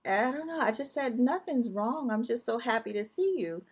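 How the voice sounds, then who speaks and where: A woman's voice: a little high, animated, normal speed, slightly rough, lo-fi sound. A woman guest telling an emotional personal story, vividly reliving scenes with quoted dialogue.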